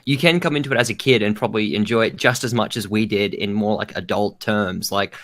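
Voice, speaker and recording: A young man talks quickly on a casual podcast, words tumbling out. He rambles with plenty of fillers and likes to tease his co-host. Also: fairly low pitch, fairly bright tone. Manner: rambling, filler-heavy, teasing. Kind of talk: casual chat.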